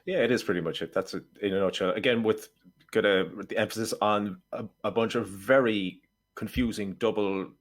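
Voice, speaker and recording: Lowish voiced dude on a podcast being wry about a movie. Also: male voice, brisk. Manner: wry, opinionated, acts out quips. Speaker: podcast co-host. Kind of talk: casual film review chat.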